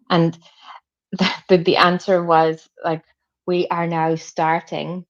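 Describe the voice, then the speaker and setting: A woman in a casual online chat, telling a story slowly and emphatically. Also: lowish voice, little pitch movement. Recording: dull lo-fi audio.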